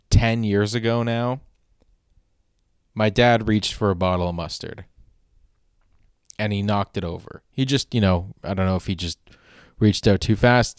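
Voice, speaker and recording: Young male comic, rambling and halting delivery, smooth voice, dry close sound. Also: on the low side, dry recording. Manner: rambling, halting with many fillers. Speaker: stand-up comedian. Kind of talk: casual comedic monologue.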